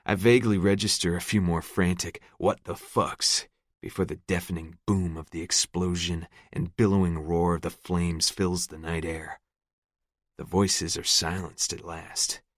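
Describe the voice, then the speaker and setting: A man's voice: low-pitched, fairly even intonation, normal speed, no echo. A man narrating a gritty first-person audiobook in a close, scripted read. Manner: gritty, profane storytelling.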